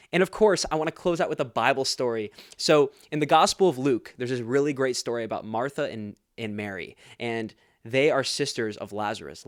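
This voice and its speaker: A man's voice: mid-range voice, no echo, clean studio sound. A man hosting a faith podcast, talking earnestly and casually and laughing often. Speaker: podcast host.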